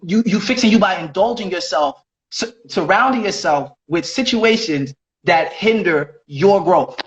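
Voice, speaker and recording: A man with a high-pitched voice lectures in a preachy way, repeating his points over and over. He records in a bathroom, so the room echoes, and the sound is dull and lo-fi. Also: animated, a little slow. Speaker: live streamer. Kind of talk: heated live-stream argument.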